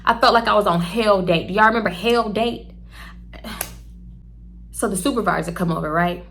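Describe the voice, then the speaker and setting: Bright-voiced young woman. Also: mid-range voice, moderate pace, a little hiss or hum. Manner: chatty, animated, swears freely, talks straight to viewers. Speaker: storytime vlogger. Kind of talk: casual storytelling to camera.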